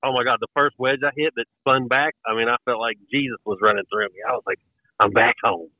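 A man's voice: medium pitch, fast talker, no echo. Folksy West Virginia guy on a tinny line. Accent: Appalachian American. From West Virginia, USA. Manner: folksy, rambling storyteller. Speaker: podcast guest. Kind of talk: casual chat.

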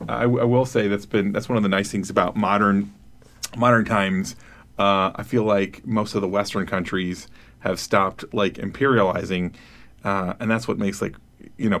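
A man's voice: fairly low pitch, fairly bright tone. A man in his thirties co-hosting a casual podcast, rambling and laughing as he acts out quoted voices. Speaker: podcast co-host.

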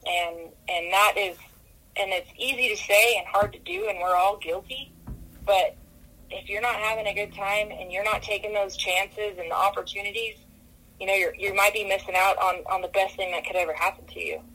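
A woman guest on a podcast, talkative and energetic, often restarting her sentences, who grew up in California. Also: medium pitch, moderate pace, poor audio. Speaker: podcast guest, rodeo commissioner. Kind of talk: casual interview talk.

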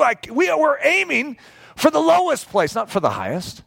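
A middle-aged man preaching in a storytelling way, animated and breaking into acted-out quotes. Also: extremely high pitch, moderate pace, vocal fry. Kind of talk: storytelling sermon.

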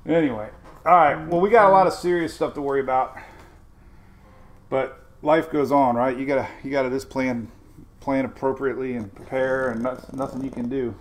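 A man's voice: mid-range voice, fairly even intonation, moderate pace. A man hosting a casual live weather update, talking directly to his viewers in a chatty, informal way and often repeating himself. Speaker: weather show host.

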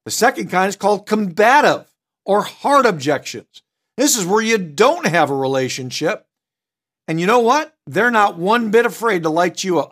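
A man's voice: high voice, expressive, normal speed, fairly bright tone. A middle-aged man teaching a sales training session, direct and emphatic, with punchy asides. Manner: switches tone to act out customers. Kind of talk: recorded training seminar.

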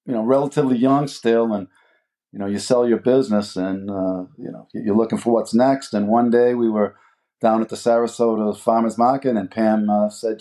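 A man in his sixties with a lowish, mellow voice, speaking as an interview guest. He rambles through his story with plenty of uhs and restarts. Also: fairly even intonation, moderate pace. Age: 60s. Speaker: guest, food business co-owner. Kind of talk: casual interview chat.

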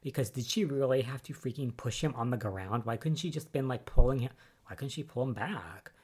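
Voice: mid-range voice, brisk, darkish tone, breathy edge. Chatty young soap-recap podcaster. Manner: chatty and exasperated, full of "like" and "um". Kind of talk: casual episode recap.

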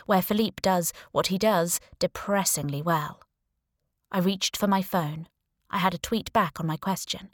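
A woman reading a first-person thriller audiobook, slow and deliberate with lively expression. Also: lowish voice, no echo, clean studio sound. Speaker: audiobook narrator. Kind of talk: scripted first-person narration.

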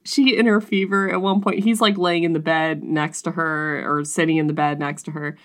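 Woman co-host, casual chat, animated storyteller who laughs often. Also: normal speed. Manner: animated, laughing storyteller with big pitch jumps. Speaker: podcast co-host. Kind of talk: casual chat, reading a book passage aloud.

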